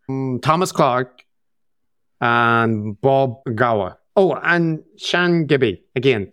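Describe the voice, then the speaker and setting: Belfast guy on a podcast, slow and jokey, dry close mic. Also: medium pitch, fairly bright tone, clean tone, no echo. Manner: jokey, teasing, drawls names for comic effect. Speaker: podcast co-host. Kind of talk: casual chat.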